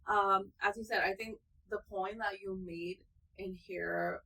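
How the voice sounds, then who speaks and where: A woman's voice: mid-range voice, fairly even intonation, measured pace, vocal fry, sharp tone, low-quality recording. A woman co-hosting a podcast who offers energy healing, speaking in an earnest, affirming way. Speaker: podcast co-host, energy healer. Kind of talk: casual podcast conversation.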